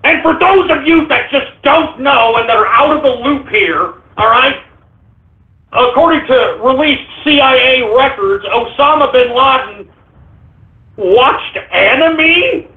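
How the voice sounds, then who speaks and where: A high-pitched man hosting a live internet radio show, snapping sarcastic insults at his listeners between shout-outs. His voice comes through thin and tinny, as if over a phone line. He sounds abrasive and easily irritated. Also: animated, unhurried. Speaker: talk radio host.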